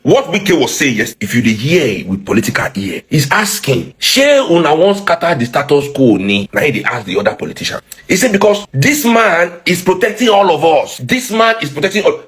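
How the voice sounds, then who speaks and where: Animated Nigerian man in Pidgin commentary. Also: medium pitch. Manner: animated and mocking, mixing Pidgin and English, laughing at his own jokes. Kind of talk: political commentary.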